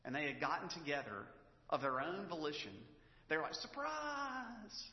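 Pastor preaching in an echoey hall. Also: male voice, a little high, a little fast. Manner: conversational, storytelling, emotional at times. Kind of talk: sermon. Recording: echoey hall, dull lo-fi sound.

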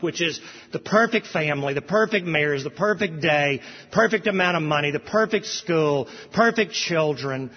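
A man's voice: on the high side, lively intonation, normal speed, slightly rough. A man preaching a sermon with passion, lifting his voice when he quotes scripture. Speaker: pastor. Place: church sanctuary. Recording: dull sound with long hall reverb.

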